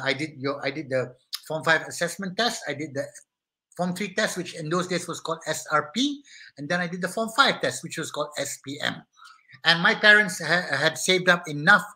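A man's voice: on the high side, sharp tone. A middle-aged man with a Malaysian English accent, hosting a live-stream chat show and chatting with viewers by name. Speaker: talk show host.

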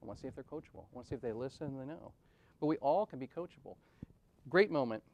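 A middle-aged man speaking at a leadership conference, telling personal stories with rhetorical questions, swinging between loud emphasis and quiet, soft moments. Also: mid-range voice, expressive, very fast. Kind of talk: personal storytelling talk.

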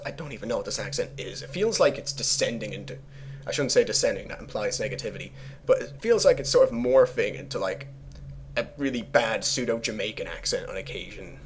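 A man's voice: lowish voice, a little fast, slight background noise. A young man giving casual, rambling game commentary as a let's play host, sarcastic and swearing freely.

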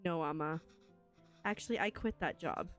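An earnest young adult son, weighed down by guilt and unsure of himself, read aloud by a woman from a story game. The voice sits fairly low and plain. There is a faint bed of game music behind it. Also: moderate pace, natural voice. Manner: reads game dialogue aloud in a near-plain voice.

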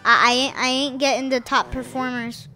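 Bright, high-voiced excitable gamer woman. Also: normal speed, faint music behind. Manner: excitable, chants sound effects and repeated phrases. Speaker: gaming video host. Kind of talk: live gameplay commentary.

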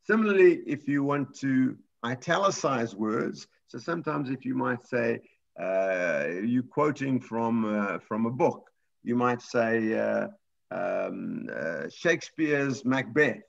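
A man's voice: mid-range voice, takes it slowly, gravelly, highs cut off. A man teaching a computer class, explaining step by step in a patient way with frequent restarts. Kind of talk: live class lesson.

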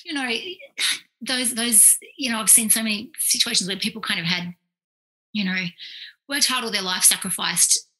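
In a podcast interview, a forties-aged Australian woman, a clinical psychologist, recounts stories and animatedly voices the people she quotes. She speaks in a mid-range voice at normal speed. The recording is rough.

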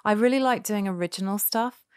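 A woman guest performer chatting casually in an interview, animated and playful. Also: mid-range voice, a little fast, clear, resonant tone, dry recording, clean studio sound. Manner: animated, playful, breaks into character voices.

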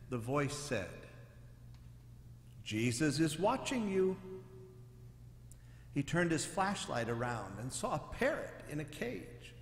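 A man's voice: fairly high pitch, vocal fry, reverberant, in a large hall, a little hiss or hum. A man, a church pastor, telling jokes to his congregation and acting out the punchlines. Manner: animated storyteller, acting out the punchlines. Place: church sanctuary.

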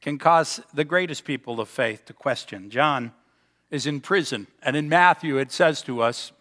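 A man preaching a sermon as pastor, telling stories and slowing down for emphasis in a church sanctuary. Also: mid-range voice, a bit bright. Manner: storytelling, slows for emphasis. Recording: long hall reverb.

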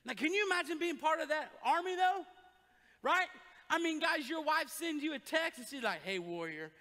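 A male pastor preaches with a very high, bright voice and a joking, animated delivery. The sound carries a long reverb from a church sanctuary. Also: normal speed. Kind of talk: sermon.

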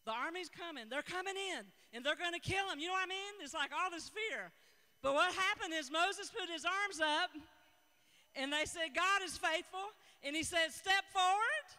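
A woman, preaching and praying aloud, rambling and self-correcting, breaking into excited whoops. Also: extremely high pitch, normal speed, long reverb tail. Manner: exuberant, bursts into whoops of excitement. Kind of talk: sermon and spoken prayer. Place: church sanctuary.

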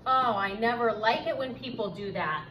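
A woman teaching a recorded fourth grade reading lesson, speaking slowly and emphatically and encouraging her students. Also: a little high, highs cut off, a little hiss or hum.

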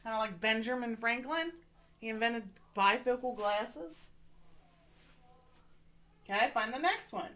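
A woman's voice: a little high, a little slow, long pauses, sharp tone. A woman teacher giving a remote reading lesson to children, patient and encouraging, often checking in with "okay?".

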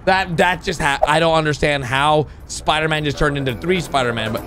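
A man hosting a reaction video, commenting on animations with loud exclamations and quick drops into low, muttered asides. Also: over music.

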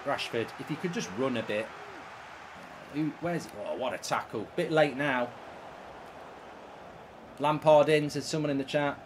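Over a noisy background, a gaming streamer reads chat aloud while ranting and swearing about his football play. His voice is fairly high, his delivery a little slow, and he pauses often.

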